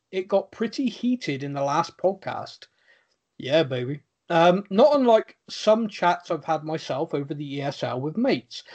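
A man's voice: sits high, darkish tone. A man hosting a casual podcast, reading out listener questions and answering in a chatty way with stammering restarts and frequent laughs. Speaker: podcast host.

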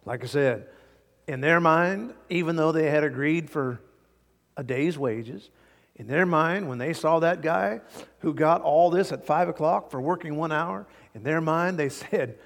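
A man's voice: on the high side, unhurried, creaky, long reverb tail. A man preaching a sermon verse by verse, acting out the people he quotes and chuckling often. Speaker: pastor. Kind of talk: expository sermon.

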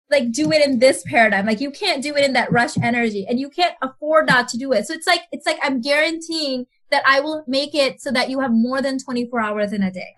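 Appearing as a mentor guest on a podcast interview, a woman with a high-sitting voice speaks animatedly. She acts out other people's voices and laughs often.

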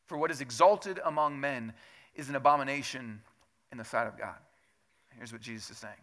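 Guy preaching in church, bright ringing voice, chatty, asks questions then gets loud and punchy. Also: mid-range voice, brisk. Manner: conversational preaching with rhetorical questions, rising to loud emphatic peaks. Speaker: pastor. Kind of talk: sermon. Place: church sanctuary.

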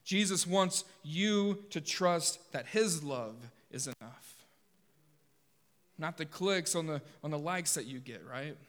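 A man preaching a sermon to his congregation, animated and joking with them now and then. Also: a little high, slow pace. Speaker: pastor. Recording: long hall reverb.

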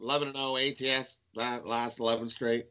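A man's voice: medium pitch, fairly quick, smooth, muffled recording. A man co-hosting a casual betting show from home over a video call, giving his picks with lots of hesitant "uh"s. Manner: relaxed, hesitant with many "uh"s. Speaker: sports betting show co-host.

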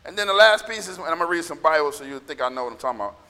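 Man preaching, scratchy gravelly voice, bright and ringing, long hall echo. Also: on the high side, animated, very fast. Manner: impassioned preaching, bursts of shouting. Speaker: pastor. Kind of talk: sermon. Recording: echoey hall reverb.

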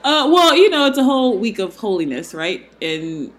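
A woman's voice: fairly high pitch, sing-song, moderate pace, a bit bright, a little hiss or hum. A woman co-hosting a casual podcast chat, talking loosely with many fillers and frequent laughs. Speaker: podcast co-host.

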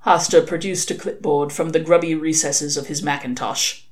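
Woman reading a novel aloud, slightly low. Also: steady tone, moderate pace. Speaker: reader.

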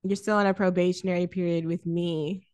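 A woman co-hosting a podcast, chatting casually about films, animated, laughing often and swearing freely. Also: lowish voice, fairly quick, smooth. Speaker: podcast co-host. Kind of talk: casual film review chat.

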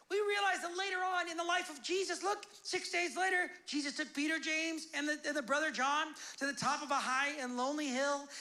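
A man preaching a sermon as pastor, casual and animated, acting out the voices of God and his listeners. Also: very high-pitched, creaky. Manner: casual, conversational preaching with fillers.

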